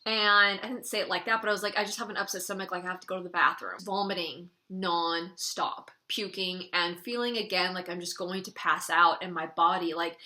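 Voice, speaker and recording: Bright-voiced woman telling a personal story. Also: fairly low pitch, steady tone, a little fast, hardly any pauses. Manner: chatty, frequent "like", wry laughs between lines. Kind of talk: casual story-time monologue.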